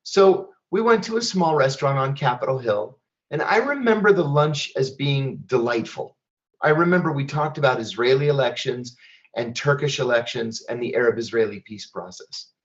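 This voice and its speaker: A middle-aged American man tells a long personal story in a measured, plainspoken way. His voice sits at an ordinary middle pitch. The stream audio is slightly dull and lo-fi. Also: lively intonation. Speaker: guest speaker. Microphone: online event stream.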